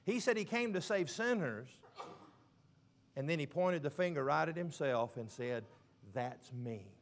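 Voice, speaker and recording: A man preaching a sermon, stressing words slowly and dropping suddenly to a hush. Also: fairly high pitch, animated. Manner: emphatic, with slow drawn-out stresses and sudden quiet drops.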